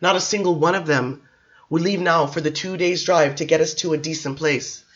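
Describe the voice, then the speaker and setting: A man's voice: a little high, moderate pace, fairly bright tone, lo-fi sound. A man voicing a distraught, drunk Englishman who pleads and talks emphatically, in a storybook reading. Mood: desperate. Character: distraught Englishman, middle-aged, drunk and desperate.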